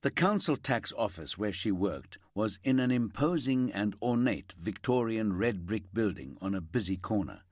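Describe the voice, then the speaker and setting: A male audiobook narrator with a lowish voice that rises and falls with lively, animated inflection. He tells the story steadily on a close mic. The read is dry, with no room sound. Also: normal speed, hardly any pauses, dry recording. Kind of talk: scripted narration of a crime thriller.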